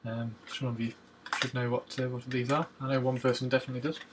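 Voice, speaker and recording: Relaxed man talking through a photo edit. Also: medium pitch, quick pace, very noisy. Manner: relaxed, muttering to himself as he works, hums while waiting. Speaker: photo editing vlogger.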